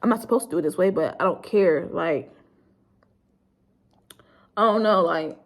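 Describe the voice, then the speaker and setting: A woman's voice: lowish voice, normal speed. A young woman vlogging to her viewers while grieving, rambling with lots of "like" and speaking bluntly, with swearing. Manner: rambling, heavy use of "like", blunt and profane. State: grieving, subdued. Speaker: YouTuber. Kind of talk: emotional storytime vlog.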